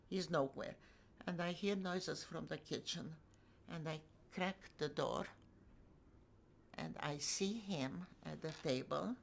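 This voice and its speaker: Older woman with a low, gravelly voice. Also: a bit bright. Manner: vivid, emotional recounting with wry humor. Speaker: Holocaust survivor telling her story. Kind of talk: personal storytelling.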